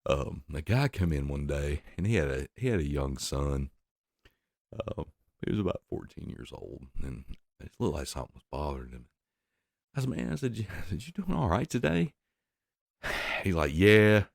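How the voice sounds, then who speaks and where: A man's voice: very deep voice, very animated, moderate pace, vocal fry, dry recording, clean studio sound. A middle-aged man telling crude stories in a casual podcast chat. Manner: profane, laughing storyteller. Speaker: podcast co-host.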